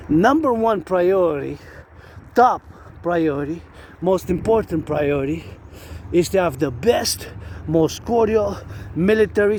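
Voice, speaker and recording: A man's voice: on the high side, vocal fry, a little mellow, a little hiss or hum, poor audio. A man from Quebec rambling in a monologue outdoors near a road and railway, repeating words and phrases over and over like a chant. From Quebec, Canada. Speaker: vlogger.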